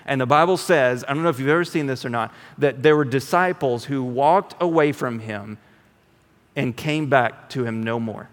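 A man preaching a sermon as pastor in a conversational, animated way, often repeating words as he restarts. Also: medium pitch, moderate pace, big-room sound.

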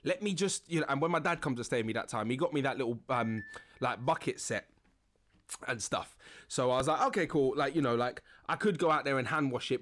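A man's voice: fairly high pitch, a little fast. A young man telling funny stories in a casual, rambling podcast monologue full of fillers and restarts. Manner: animated, chatty, many fillers and restarts. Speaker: podcast host.

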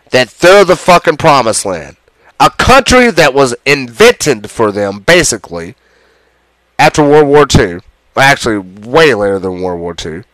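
A man delivers an angry political rant, heavy with profanity and sarcasm. His voice sits somewhat high and swings widely as he gets worked up. The sound is dry and close. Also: a bit bright, dry recording.

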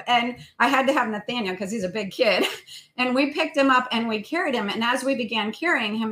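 A woman in her thirties, co-hosting a casual parenting talk, telling a story gently with many fillers. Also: on the high side, moderate pace, rough recording. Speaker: co-host.

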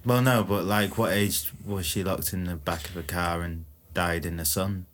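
Very deep-voiced man in rambling comedy chat. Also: fairly even intonation, moderate pace, fairly bright tone, slight background noise. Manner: rambling, filler-heavy, matter-of-fact. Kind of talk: deadpan improvised comedy chat.

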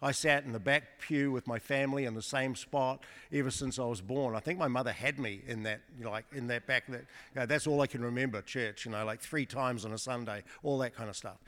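A man's voice: mid-range voice, fairly even intonation, a little fast, few pauses, a bit bright. A man giving a storytelling sermon testimony to a congregation, chatty and joking, with many restarts. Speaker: guest preacher. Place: church service before a congregation. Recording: long church hall reverb.

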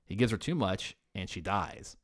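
Co-hosting a horror podcast, a man with a deep voice and lively intonation chats in a laid-back way at normal speed, swearing now and then. He also reads out the episode credits, and the studio sound is clean with no room noise.

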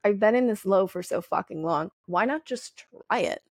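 Podcast host, young woman, candid and swearing freely, gravelly edge, dry close sound. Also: mid-range voice, normal speed, no room sound. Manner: candid, profane, animated storytelling. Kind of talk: casual solo podcast monologue.

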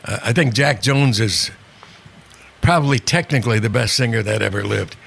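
An older man telling show-business anecdotes in a relaxed interview, wry and conversational, acting out the people he quotes. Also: medium pitch, moderate pace, gravelly. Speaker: guest, comedian. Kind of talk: storytelling interview chat.

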